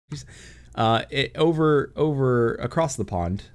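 A man from the United States hosting a loose podcast chat, rambling through restarts and laughing often. His pitch sits mid-range but swings widely as he jokes. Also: sing-song, a little slow. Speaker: podcast host.

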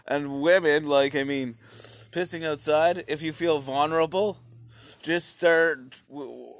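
Slow-talking man rambling crudely. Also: fairly high pitch, steady tone, dry recording. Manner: crude, meandering, with grunted caveman noises. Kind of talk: rambling comic monologue.

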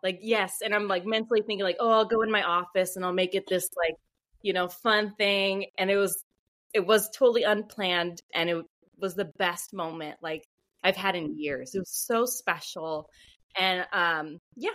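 A woman author, a podcast guest, telling a story in a chatty, animated way with lots of fillers. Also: mid-range voice, moderate pace. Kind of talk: casual podcast interview storytelling.

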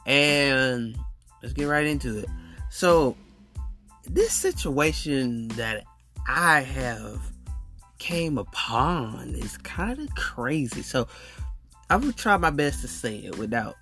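A man hosts his own podcast in a loose, chatty monologue. He talks emphatically and repeats himself, and his voice swings up and down a lot. Quiet music plays faintly behind him. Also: medium pitch, animated, takes it slowly, creaky. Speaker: podcast host. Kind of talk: casual storytelling monologue.

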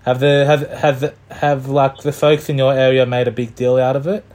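A man's voice: medium pitch, level tone, moderate pace, a little mellow. A man hosting a casual chat in a laid-back, encouraging way.

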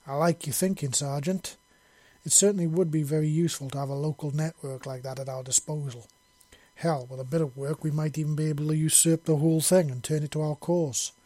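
A man's voice: on the high side, fairly even intonation, fairly quick, warm tone, no room sound, natural voice. A man voicing a stern female military commander who gives clipped, commanding orders.

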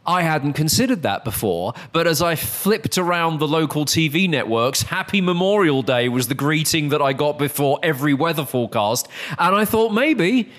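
A man's voice: fairly high pitch, expressive, moderate pace, fairly bright tone. A man with an English accent, hosting a podcast in casual, dry and teasing chat. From England. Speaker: podcast host.

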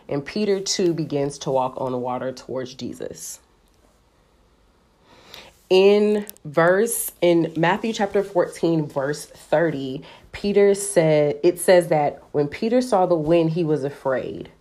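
A woman with a low voice teaching from the Bible in a relaxed, conversational way. She talks animatedly, sprinkling her speech with "like". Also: unhurried. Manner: chatty, animated, heavy use of "like". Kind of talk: casual devotional teaching.

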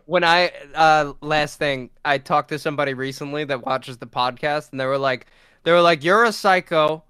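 A man's voice: a little high, normal speed, pushed and bright, clean tone, dry recording, studio quality. A man co-hosting a podcast, telling crude stories in casual chat, acting out quotes and laughing often. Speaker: podcast co-host. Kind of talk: casual chat, swearing storytelling.

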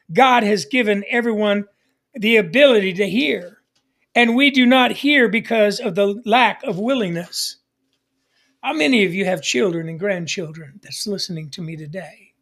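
A man's voice: high voice, a bit bright. A man preaching an emphatic broadcast sermon as pastor, repeating phrases and calling for the audience to say them back. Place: broadcast studio.

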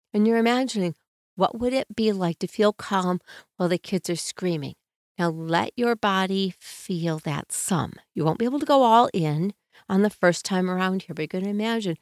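A woman hosting a podcast, speaking in a gentle, soothing way and slowly guiding the listener through calm advice. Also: mid-range voice, no room sound, studio quality. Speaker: podcast host.

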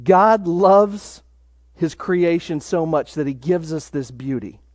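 Pastor guy preaching, pretty high voice, dry close sound, slows way down to hit the big lines. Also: expressive, a little mellow, no room sound. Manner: emphatic, slows down on key phrases. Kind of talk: sermon.

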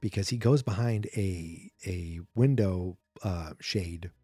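A man's voice: deep voice, slow, dark tone, husky, no room sound, soft background music. A man hosting a podcast, casually recapping a film in a chatty, rambling way that often corrects itself mid-sentence. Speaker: podcast host. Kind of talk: casual movie recap commentary.

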